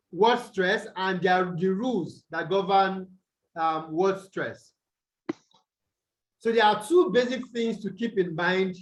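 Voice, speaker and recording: Nigerian guy teaching english online, high voice, slow, keeps asking the class "what?". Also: slight background noise, rough recording. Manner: slow, repetitive, quizzing students with "what?" prompts. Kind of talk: online tutorial lecture. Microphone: video call.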